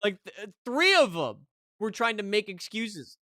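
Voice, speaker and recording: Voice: medium pitch, very animated, measured pace, pushed and bright, no room sound, studio quality. A streamer telling a story to chat in a heated, casual rant, keeping on asking "right?".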